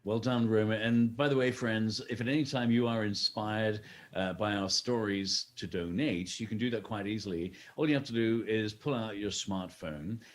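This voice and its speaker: His voice sits on the low side and moves at an ordinary pace. He's co-hosting a virtual gala for a fundraiser, reading scripted lines with playful, jokey chatter and nudging viewers to make donations.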